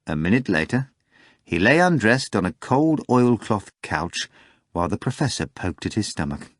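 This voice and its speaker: A man reads a novel aloud in a measured, steady storytelling voice that sits on the low side. The recording is close and completely dry, with no room sound. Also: dry recording. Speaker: audiobook narrator. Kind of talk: scripted audiobook narration.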